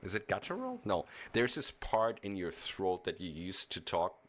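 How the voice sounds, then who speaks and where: A man's voice: low voice, very animated, moderate pace, fairly bright tone. A man from Germany chatting casually while streaming a video game, rambling with chuckles and frequent restarts. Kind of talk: casual gaming stream commentary.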